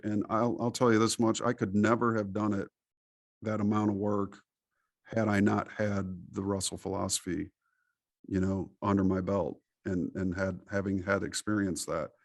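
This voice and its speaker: A middle-aged man from the United States, a podcast interview guest, talking in an animated, preachy storytelling way. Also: lowish voice, gravelly, dry recording, clean studio sound.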